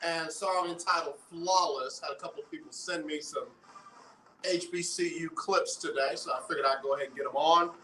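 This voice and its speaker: Lively man hosting talk radio. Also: on the high side, a little fast, roomy sound, poor audio. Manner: animated, banters with listeners and callers. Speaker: radio show host. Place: radio studio.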